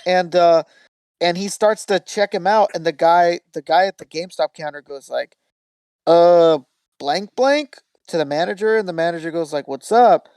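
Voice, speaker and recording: His voice sits high and smooth, at normal speed and with no room sound, as this podcast host spins a story in relaxed conversation, cursing freely and performing the quoted lines.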